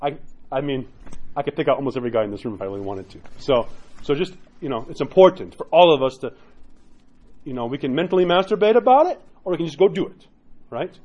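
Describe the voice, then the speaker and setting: A man's voice: a little high, fast. A man teaching as a priest in a casual, joking way, often acting out what people say. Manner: animated, joking, acts out quoted voices. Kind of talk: conversational teaching talk. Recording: dull lo-fi recording.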